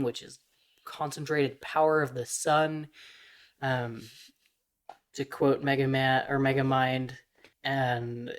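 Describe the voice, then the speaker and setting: Slow, hesitant young man. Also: medium pitch, smooth. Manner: hesitant, many ums, relaxed. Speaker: podcast co-host. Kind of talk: casual chat.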